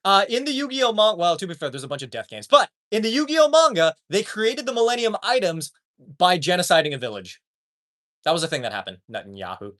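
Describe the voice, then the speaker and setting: A man's voice: sits high, very animated, brisk, fairly bright tone. Profane ranting male streamer. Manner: profane, ranting, reads chat aloud. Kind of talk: live stream chat.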